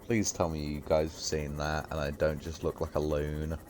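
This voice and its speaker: A man's voice: a bass voice, monotone, moderate pace, darkish tone, a little hiss or hum. A young man streaming a game, chatting casually and rambling with loose giggles. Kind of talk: casual gaming commentary.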